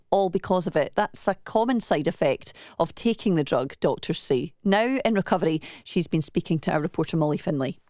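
A woman presenting a breakfast radio news programme, brisk and chatty. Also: lowish voice, darkish tone, no echo, clean studio sound.

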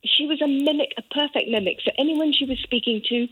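A woman's voice: high-pitched, fast. A woman from Kenya with an English accent, calling in to a radio phone-in and telling stories chattily. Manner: chatty, lively storytelling. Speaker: caller, farm business partner. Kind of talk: phone-in chat. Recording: muffled phone line.

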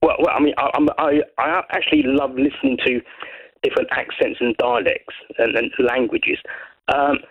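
A man from Brighton rings in to a radio chat show, his gravelly voice dulled by a muffled phone line. He rambles and stumbles, repeating words as he goes. His pitch rises and falls in a lively way. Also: normal speed. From Brighton, England. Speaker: caller. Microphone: telephone.

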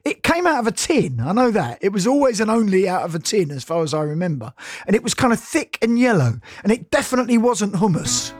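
A British man in middle age chats casually on air, wandering from one aside to the next and laughing often. His voice is a little husky and rises and falls a lot. The recording is close and dry. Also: high voice, big pitch swings, quick pace, no room sound. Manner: rambling and anecdotal, laughing often. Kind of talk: casual chat.

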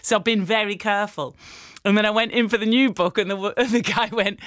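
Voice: mid-range voice, a little fast, pauses often, a bit bright, no room sound, studio quality. A radio presenter in casual on-air chat, laughing at their own stories and drifting off on tangents. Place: radio studio.

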